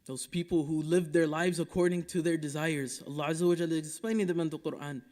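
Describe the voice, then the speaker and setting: Male imam from Dallas, high voice, impassioned Friday sermon with quick Arabic recitation, long mosque-hall reverb. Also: steady tone. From Dallas, Texas. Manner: impassioned, rhetorical, swinging between loud urging and hushed asides; recites Quranic Arabic quickly between English explanation.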